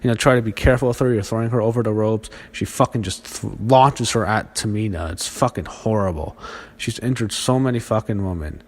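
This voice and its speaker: A man with a somewhat low voice rants through a wrestling show review. His delivery is heated and profane, breaking off into restarts and muttered asides. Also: brisk. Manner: angry, profane ranting with frequent restarts.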